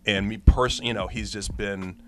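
A man's voice: lowish voice, steady tone, moderate pace, a bit bright. A man in a casual interview, talking enthusiastically and rambling with many fillers. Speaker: cast member.

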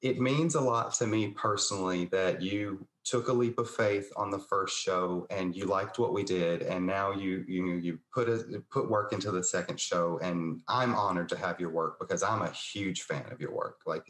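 A man's voice: low-pitched, normal speed, fairly bright tone. A man hosting a podcast interview, speaking earnestly with stammering restarts. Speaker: podcast host. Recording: echoey room.

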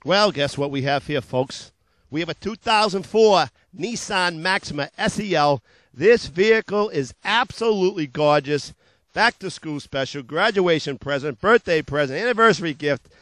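A high-pitched man rattles off car deals in bouncy, repetitive salesman patter for a local TV ad, laughing off his own tongue slips. The sound is dry and close, with no room echo. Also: animated, normal speed, a bit bright.

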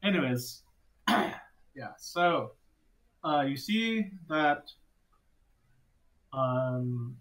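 A man's voice: medium pitch, a bit bright, rough recording. This young man narrates a tabletop game as its game master. He talks loosely and stops to restart his sentences often, in a voice that sits in an ordinary middle register.

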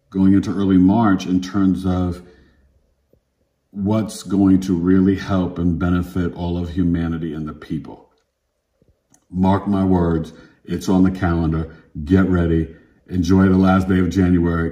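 Astrologer, man, 50s, low voice; punchy slangy monologue, repeats himself for emphasis. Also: warm tone. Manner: emphatic, repetitive, street slang. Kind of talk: casual direct-to-camera monologue.

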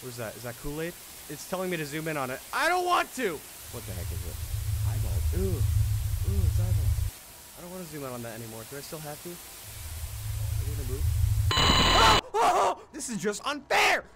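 A young gaming host talks his way through a scary game, joking at his own fear. His voice swings from mutters to shrill yelps. A steady wash of noisy game sound runs under him. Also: fairly quick, pauses often. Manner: jumpy, screams at scares, self-mocking jokes. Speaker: gaming YouTuber. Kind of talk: horror gameplay commentary. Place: home bedroom.

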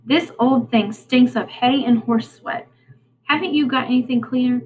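A woman's voice: sits high, fairly even intonation, moderate pace, close to an everyday voice, rough recording. A woman voicing a rude, bossy boy who sneers and snaps orders, reading a storybook aloud. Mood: complaining. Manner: sneering, sharp-tongued.

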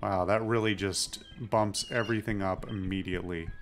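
A man's voice: lowish voice, fairly even intonation, moderate pace, a little hiss or hum. A man giving casual, musing commentary while playing a game, swearing now and then. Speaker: let's play host.

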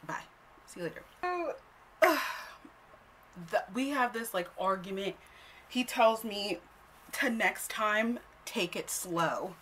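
A young woman telling a story on her own vlog in a casual, animated way, blunt and quick to swear. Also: mid-range voice, noisy background. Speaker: storytime host.

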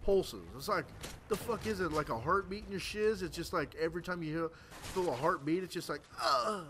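A man's voice: high voice, a little fast, fairly bright tone, slight background noise. A tired man doing casual game commentary, rambling crudely and stammering through restarts. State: tired late at night. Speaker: gameplay commentator.

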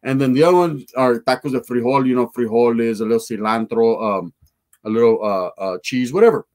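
A man's voice: mid-range voice, brisk, darkish tone. A man telling a profane, slangy street story to his live chat.

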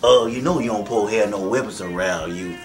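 A man doing a low, halting old judge. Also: natural voice. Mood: stern. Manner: slow, halting, with filler pauses. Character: old stern male judge, halting and dry. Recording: distant mic, faint music behind.

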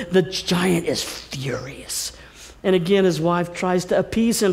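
A woman speaker delivering a storytelling sermon in church, swinging between exclamations and hushed tones. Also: on the low side, measured pace, creaky, a little hiss or hum. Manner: dramatic, exclamatory preaching with sudden drops to hushed tones. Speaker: guest speaker.

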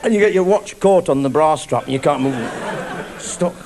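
Chatty stand-up comic on stage. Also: male voice, a little high, moderate pace. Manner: chatty, conspiratorial storytelling. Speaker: stand-up comedian. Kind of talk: live stand-up storytelling. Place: theatre stage before a live audience. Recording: noisy live broadcast with crowd.

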